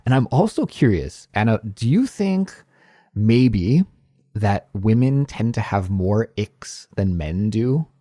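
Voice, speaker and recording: A man around forty chats on a relaxed podcast, easygoing and agreeable in his measured replies. His voice sits low and mellow, and it rises and falls a lot as he speaks. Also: no room sound, studio quality. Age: late 30s to 40s. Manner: easygoing and agreeable, laughs along, measured phrasing. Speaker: podcast co-host. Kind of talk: casual conversational podcast chat.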